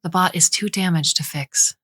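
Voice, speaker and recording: A woman voicing a gentle robot stand-in for a loving mother, speaking softly and partly in a whisper. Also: fairly low pitch, moderate pace, slightly rough, no echo, clean studio sound. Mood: tender. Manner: soft, tender, partly whispered.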